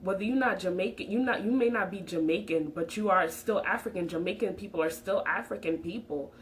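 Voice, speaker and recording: A woman's voice: medium pitch, brisk, slight background noise, rough recording. A young woman vlogging her opinions, emphatic and preachy, talking with her hands. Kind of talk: passionate opinion vlog.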